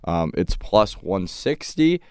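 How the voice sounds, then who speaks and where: A young man co-hosting a casual sports picks show, relaxed and joking. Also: sits low, slow pace, clear, resonant tone, dry recording, studio quality. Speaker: co-host.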